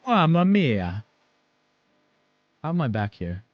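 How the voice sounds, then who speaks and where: Brief: playful male streamer, fairly high and animated, dry lo-fi desk mic. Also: takes it slowly, no echo. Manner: joking, many filler ums, laughs often. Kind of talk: casual chat.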